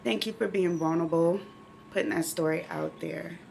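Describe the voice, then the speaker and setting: Gravelly low-voiced woman vlog host. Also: fairly even intonation, moderate pace, darkish tone, slight background noise. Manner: emotional, speaks directly to viewers. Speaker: channel host living with myeloma. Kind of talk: heartfelt casual vlog talk.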